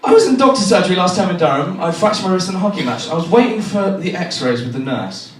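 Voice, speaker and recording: Fast and high-voiced, a young English comedian performs animated, self-mocking stories with acted-out voices for a laughing crowd at a comedy venue. The audio is noisy and echoey, recorded from far away.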